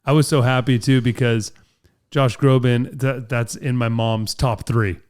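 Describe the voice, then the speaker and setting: A man hosts a relaxed interview, with a smooth, resonant voice. He tells stories in a lively way and acts out the people he quotes. He sounds like he is in his thirties. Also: medium pitch, unhurried. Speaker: interviewer and host. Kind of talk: casual interview chat.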